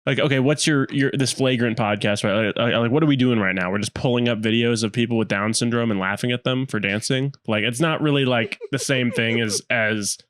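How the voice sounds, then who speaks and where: A man co-hosting a podcast in casual chat, halting and restarting his words often. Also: medium pitch, fairly bright tone, dry recording, studio quality. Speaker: podcast co-host.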